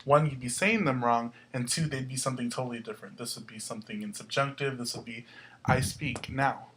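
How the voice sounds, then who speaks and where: A young man hosts a casual lesson, walking through the material step by step and spelling out endings letter by letter. His voice sits at a middle pitch, with faint noise in the background. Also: a bit bright, rough recording. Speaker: host, Spanish tutor.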